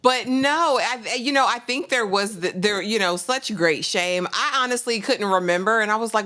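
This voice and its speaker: A woman's voice: mid-range voice, moderate pace, hardly any pauses, pushed and bright. A woman hosting a casual review chat, playfully recapping the plot and quoting characters. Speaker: podcast host.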